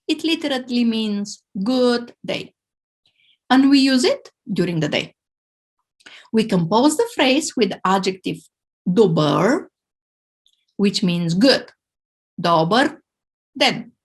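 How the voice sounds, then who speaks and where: A woman teaching a language lesson, sounding out words slowly and carefully for learners to repeat. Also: on the high side, slightly rough.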